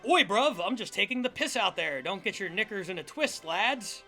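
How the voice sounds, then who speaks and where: A cocky, cheeky young British ballplayer, as a man puts him on, laying the put-on British accent on thick and loud. The voice sits high and bright, like a comic bit tossed into a talk show. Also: animated, moderate pace, soft background music, heavily acted. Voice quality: loud, exaggerated slang.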